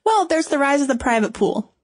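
A woman's voice: sits high, very animated, brisk, dry recording. A young woman co-hosting a podcast in a conversational, playful way. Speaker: podcast co-host. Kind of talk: casual chat.

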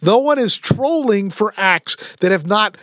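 A man's voice: high-pitched, expressive, a little slow, fairly bright tone, no echo, clean studio sound. A man hosting a podcast interview, talking emphatically, cutting in and arguing his points. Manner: emphatic, cuts in and argues points. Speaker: podcast host. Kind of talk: conversational interview.

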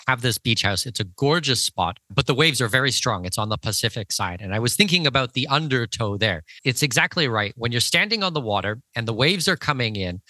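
A male host asks a question by way of a casual personal story. His voice is bright and close, recorded in a dry space with no room echo. His delivery is relaxed and conversational. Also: medium pitch, a little fast, few pauses. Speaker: podcast host. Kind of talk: conversational interview.

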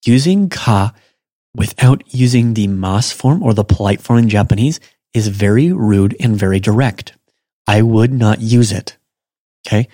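A man hosting a podcast language lesson, explaining points in a relaxed, casual way. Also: lowish voice, no echo, studio quality. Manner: relaxed, explanatory, talks through examples. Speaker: language teacher and podcast host.

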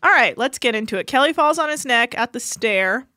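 A woman co-hosting a casual podcast, sarcastic as she retells the drama with a higher, animated pitch. She sounds close and dry. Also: fairly quick, no room sound. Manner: sarcastic storytelling, acting out cast members in shrill voices. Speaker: podcast co-host. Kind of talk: casual chat recapping a reality show.

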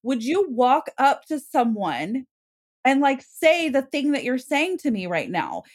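A woman's voice: high-pitched, very animated, unhurried. A woman guest on a podcast, chatting in an emphatic, playful way. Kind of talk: casual chat.

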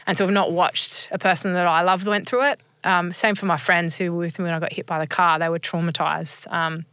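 A woman's voice: lowish voice, little pitch movement, fairly quick, fairly bright tone, smooth, no echo. A woman in her thirties, earnestly and reflectively telling her personal story as an interview guest, with frequent ums. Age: 30s.

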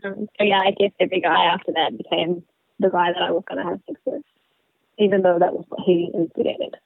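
A woman's voice: lowish voice, level tone, a little fast, gravelly, no echo. A woman in her twenties, a guest telling her story in a casual interview, with lots of "like" and "um". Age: 20s. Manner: chatty, many likes and ums. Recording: tinny phone line.

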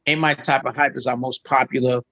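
A middle-aged man casually telling an anecdote as a guest, animated and acting out quotes with jumps in pitch. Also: fairly quick, dry recording, highs cut off. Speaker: guest storyteller.

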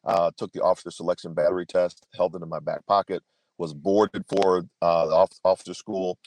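A man's voice: low-pitched, steady tone, a little fast, darkish tone, dry recording. A man in his fifties, a podcast guest, telling a personal story in an earnest, emphatic way, often restarting his sentences. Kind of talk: storytelling interview answer.

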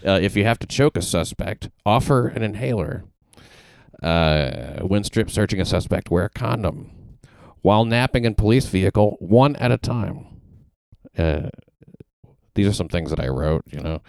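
A very low, gravelly male voice with a smooth, resonant tone, heard close and dry. He is a host from the American South, chatting casually and delivering deadpan jokes through halting restarts. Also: no room sound. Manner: deadpan, jokey, stumbling restarts. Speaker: podcast host. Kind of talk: casual comedic chat.

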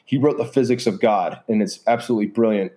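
A man's voice: lowish voice, fast talker, dark tone. A man talking in a casual, earnest way as a podcast guest, rambling with many fillers. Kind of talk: casual reflective conversation.

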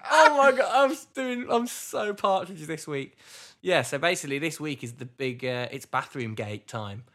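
A man's voice: on the high side, animated, normal speed, fairly bright tone. A man hosting a podcast from a hotel room, chatting in a rambling, self-deprecating way. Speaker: podcast host. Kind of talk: casual chat.

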